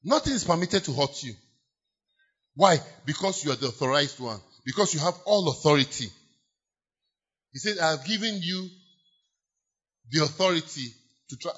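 A man preaches a sermon in a fairly high, sharp and husky voice. He leans hard on key phrases, repeating and stretching them, and leads his listeners in call-and-response declarations. The recording sounds dull and lo-fi. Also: expressive, normal speed, long pauses. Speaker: pastor.

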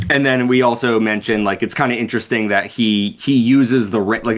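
Speaking with a fairly low, fairly bright voice, this man co-hosts a podcast and breezily recaps a book chapter for a casual book-club discussion. He swears, stays relaxed, and scatters "like" and other fillers throughout.

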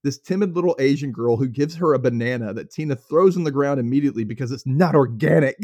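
This young podcast host from Mississippi has a mid-range voice and a quick pace, captured in a dry recording. He casually recaps a show, acting out characters with animated energy and frequent laughter.

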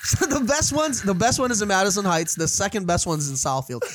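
High-voiced man, excitable podcast chat. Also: noisy background. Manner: excitable, halting with restarts. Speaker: podcast co-host. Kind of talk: casual sports chat.

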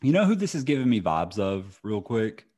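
A man's voice: on the low side, very animated, moderate pace, a little mellow. A young man co-hosting a casual podcast, dry and wisecracking. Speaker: podcast co-host.

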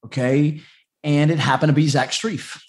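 A man tells his story as a podcast guest. His voice sits a touch high, and he rambles in a chatty way, often restarting his sentences. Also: steady tone, normal speed. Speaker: dog trainer, podcast guest. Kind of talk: casual storytelling interview.

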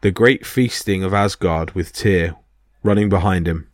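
A man narrating mythology stories as a podcast storyteller, in a steady dramatic reading. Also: sits low, measured pace.

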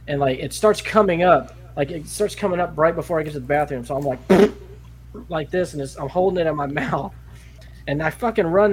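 A man on a podcast telling a rambling, profane story and laughing along as he goes. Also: on the high side. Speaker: podcast co-host. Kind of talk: casual podcast chat.

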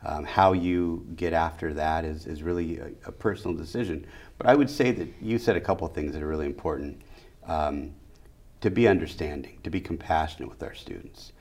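A middle-aged man with a very low, deep voice, talking as an educator in an interview. He hammers his points home, stacking short phrases into rhythmic lists. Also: fairly quick, darkish tone. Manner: emphatic, repeats key phrases in rhythmic lists. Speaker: educator and school leader. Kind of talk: interview conversation.

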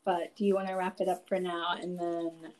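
A woman's voice: lowish voice, little pitch movement, normal speed, a little mellow, rough recording. A woman co-hosting a podcast in casual chat, laid-back and joking. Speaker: podcast co-host. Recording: faint background noise.

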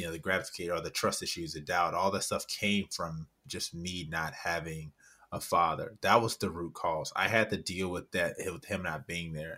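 A man's voice: low-pitched, sharp tone, breathy edge. A man in his thirties talking earnestly in a casual podcast chat, rambling and repeating words as he acts out little quotes. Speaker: podcast guest author.

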